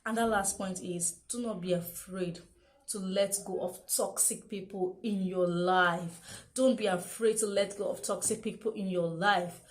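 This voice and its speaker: A woman's voice: mid-range voice, fairly even intonation, measured pace. A young woman giving a motivational self-help talk, repeating key phrases and asking rhetorical questions. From Nigeria.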